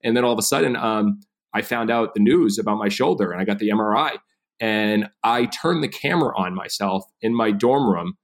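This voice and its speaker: A man in his thirties tells his story as a podcast guest, talking fast with a slightly low voice. He acts out the people in his anecdotes and keeps an animated, casual flow. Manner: animated, acts out quoted dialogue.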